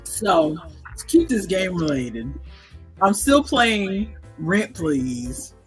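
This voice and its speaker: A man co-hosting a casual livestream, playful and teasing, with a raspy voice. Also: sits high, sing-song, very slow, soft background music. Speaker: livestream co-host. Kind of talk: casual chat.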